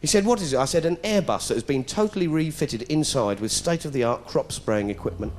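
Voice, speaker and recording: Middle-aged British stand-up, fairly high and very animated, sarcastic storyteller. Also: male voice, fairly quick, faint music behind. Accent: British English. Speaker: comedian. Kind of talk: stand-up comedy routine. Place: stage before a live audience.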